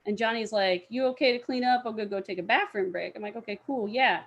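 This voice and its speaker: Her voice is a little high and quick: a young woman, guesting on a podcast as a cosplayer, recounts a story in relaxed chat. She's animated and acts out the voices of the people involved, and the audio has its highs cut off.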